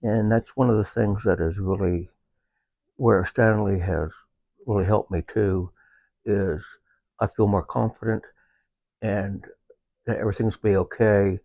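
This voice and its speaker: Low-pitched guy chatting about his service dog, lots of ums, slow halting delivery, dry close sound. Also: steady tone, mellow, no room sound, muffled recording. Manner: halting, unhurried, with many filler pauses. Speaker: veteran guest with a service dog. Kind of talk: casual conversation.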